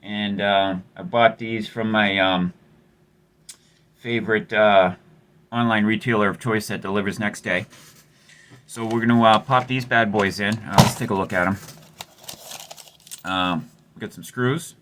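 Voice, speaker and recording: A man's voice: lowish voice, steady tone, unhurried, pauses often, fairly bright tone, slight background noise. A man hosting a guitar repair video, chatting casually with a rambling, wry, self-mocking manner and lots of fillers. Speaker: host of a guitar repair channel. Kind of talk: casual chat while working on a guitar.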